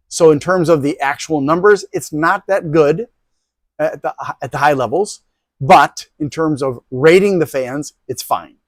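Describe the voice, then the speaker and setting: A man with a voice on the high side hosts a casual tech product review, recorded with no room sound. He rambles loosely through test results, full of ums and restarts.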